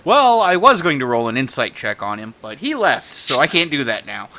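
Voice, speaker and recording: A man's voice: medium pitch, big pitch swings, normal speed, sharp tone, low-quality recording. A man playing a tabletop game, casual and thoughtful, sometimes speaking as his character. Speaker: player. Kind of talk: casual tabletop role-play.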